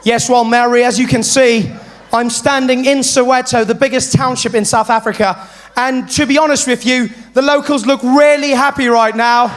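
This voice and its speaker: Chirpy male field reporter, high and loud, sunny broadcast patter, played by a man. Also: fairly even intonation, moderate pace. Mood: chirpy, upbeat. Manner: chirpy news-reporter delivery. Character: male foreign TV correspondent, cheery and upbeat.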